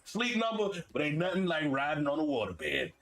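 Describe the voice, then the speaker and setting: A man in his forties from Florida, hosting a stream and telling stories in casual chat, animated and laughing, swinging between high excited bursts and low asides. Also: normal speed. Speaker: streamer and host.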